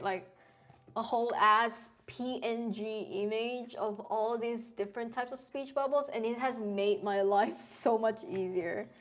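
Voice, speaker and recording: A woman in her thirties, streaming and chatting casually with her viewers and laughing often. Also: medium pitch. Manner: chatty, laughs often, reads chat aloud. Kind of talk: casual live-stream chat.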